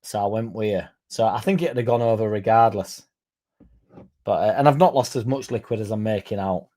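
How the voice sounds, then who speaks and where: A man's voice: on the low side, brisk, dark tone. A man hosting a casual livestream, rambling, swearing and chatting to viewers by name. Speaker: fan channel livestream host.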